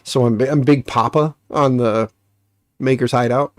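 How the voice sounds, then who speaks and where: This American host of a casual live stream speaks at medium pitch, steady and at a measured pace, though his voice is stuffy and nasal. He rambles and jokes with many fillers, in dry, studio-quality audio.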